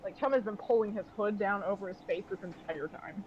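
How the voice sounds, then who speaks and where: A man's voice: high-pitched, a little fast, dull audio, a little hiss or hum. A man narrating as game master of a tabletop game, loose and full of fillers.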